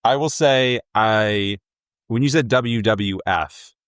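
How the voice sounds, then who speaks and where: A man's voice: on the low side, slow, dry recording, clean studio sound. A man co-hosting a casual podcast chat, easygoing and prone to small chuckles between points. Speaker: guest co-host.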